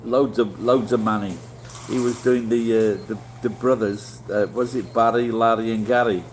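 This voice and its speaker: A man's voice: medium pitch, fairly even intonation, normal speed, slight background noise, poor audio. A middle-aged man with a Yorkshire accent, chatting casually with live viewers in a rambling, blunt way and swearing freely. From Yorkshire, England. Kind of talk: casual livestream chat.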